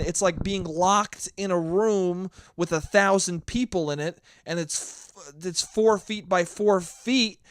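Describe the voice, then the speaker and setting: A man's voice: sits high, no room sound. A hungover young man hosting a solo podcast, rambling and swearing freely, scatterbrained. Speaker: podcast host. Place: New York.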